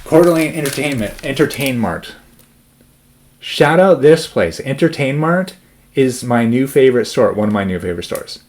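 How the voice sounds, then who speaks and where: A young vlogger from the Spokane area of the US Pacific Northwest chats quickly in a medium-pitched, slightly mellow voice with lively intonation. Somewhat out of breath, he rambles, interrupts himself and drifts into tangents.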